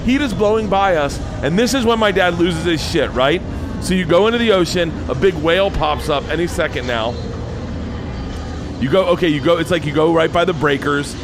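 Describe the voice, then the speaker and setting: A comedian in his forties telling a rambling story in a casual, excitable, profane way. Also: on the high side.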